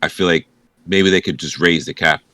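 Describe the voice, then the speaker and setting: A man's voice: sits low, fairly quick, sharp tone, no room sound. A man co-hosting a podcast, rambling through exasperated complaints. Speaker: podcast co-host. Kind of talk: casual chat.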